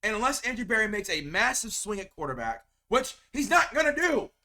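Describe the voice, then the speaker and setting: Heated and venting, a man who makes sports videos delivers a fan rant straight to camera, his bright, pushed voice sitting high with a sing-song lilt and a slightly fast pace. He trips over and repeats words as his anger builds.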